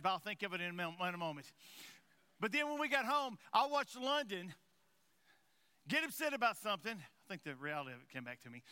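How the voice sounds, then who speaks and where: A man preaching a sermon to his congregation in a conversational way, often stumbling over and repeating his words, his voice swinging from quiet and low to loud and rising. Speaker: pastor.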